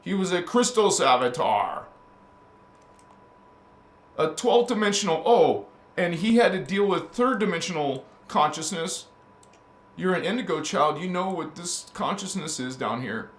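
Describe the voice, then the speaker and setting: A man's voice: high-pitched, lively intonation, a little slow. A man preaching as a spiritual teacher. He speaks fervently and needles his listeners with rhetorical questions, stammering and restarting his phrases. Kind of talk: preaching monologue. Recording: roomy echo.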